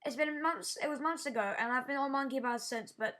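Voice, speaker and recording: High-voiced woman telling a shaky story. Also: fairly bright tone. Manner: halting, restarts sentences, shaken while recounting. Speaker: YouTuber. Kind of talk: casual storytelling vlog.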